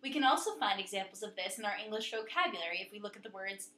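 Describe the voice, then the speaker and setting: A woman narrating a scripted lesson in a clear, steady way, slowing down to spell out and pronounce words. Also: medium pitch, reverberant. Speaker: teacher.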